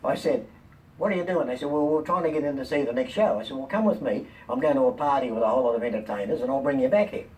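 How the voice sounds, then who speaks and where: An older man, a comedian and talk-show guest, telling lively anecdotes and voicing the people in them. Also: medium pitch, fast. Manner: lively, quotes people in animated voices. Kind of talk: anecdotal storytelling. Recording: distant mic, faint room noise.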